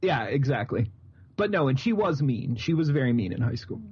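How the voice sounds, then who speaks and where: A man's voice: mid-range voice, very animated, brisk, a crowd in the background. A man in his thirties co-hosting a movie podcast, telling stories in a joking way and often laughing. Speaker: podcast co-host. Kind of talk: casual chat about movies. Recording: muffled lo-fi podcast audio.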